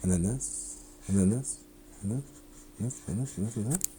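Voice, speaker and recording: A lower-pitched man with a mellow, warm tone talks through a math lecture in a chatty, animated way. He often stops and restarts mid-sentence. A faint hiss sits under the recording. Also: normal speed. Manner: chatty, self-interrupting, animated explanations.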